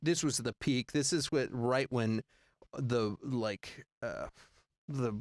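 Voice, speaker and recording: A man in his forties telling rambling road stories in casual chat, acting out other people's lines in high voices. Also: takes it slowly, no room sound, studio quality. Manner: rambling, animated, acts out quoted voices high.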